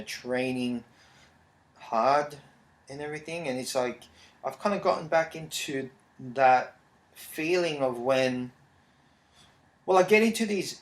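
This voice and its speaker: Brief: man, 30s, podcast host, rambling and relaxed, mid pitch, echoey room. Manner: rambling, relaxed, frequent fillers. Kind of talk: casual solo podcast talk. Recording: roomy echo.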